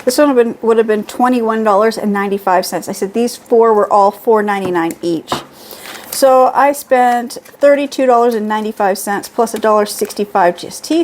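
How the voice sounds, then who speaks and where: A woman's voice: on the high side, slight background noise. Chatty woman showing a beauty haul. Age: middle-aged. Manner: chatty, reads prices and labels aloud. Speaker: beauty vlogger. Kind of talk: casual product haul. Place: home.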